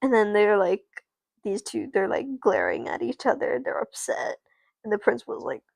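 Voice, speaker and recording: A woman's voice: medium pitch, sing-song, moderate pace, vocal fry, a little mellow, dry recording. A woman streamer improvising a story with dolls, rambling, correcting herself and swearing. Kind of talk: casual improvised storytelling with doll play.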